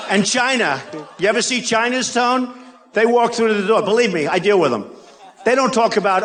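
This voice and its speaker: Speaking at normal speed, an older man with a high, animated, fairly bright voice addresses a rally in a large arena. The political candidate is boastful and repetitive, adding mocking asides, with slight background noise and faint crowd ambience.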